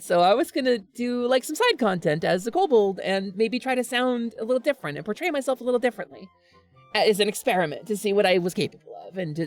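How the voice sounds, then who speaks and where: Animated, earnest streamer woman. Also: mid-range voice. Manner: earnest, animated, laughs often; restarts sentences often. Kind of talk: casual chat with stream viewers.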